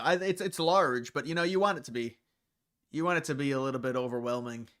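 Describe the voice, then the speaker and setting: A man's voice: medium pitch, fast, fairly bright tone. A man hosting a casual livestream, rambling and answering viewers' comments as they come in. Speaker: livestream host.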